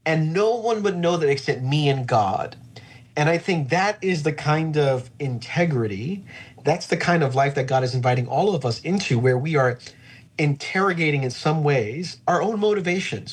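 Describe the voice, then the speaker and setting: A man who is a pastor, speaking earnestly and reflectively in an interview about faith, slowing down to stress key phrases. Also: a little high, lively intonation, breathy edge.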